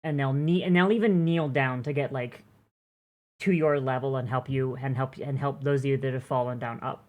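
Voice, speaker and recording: Low-voiced woman running a tabletop game. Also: steady tone, moderate pace, narrow, tinny audio. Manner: casual, rambling, heavy on fillers. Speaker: game master.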